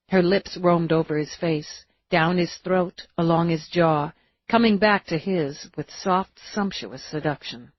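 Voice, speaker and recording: A woman reading an audiobook in a steady, measured way, in a dull, dry recording. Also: on the low side, no room sound. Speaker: audiobook narrator. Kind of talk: audiobook narration.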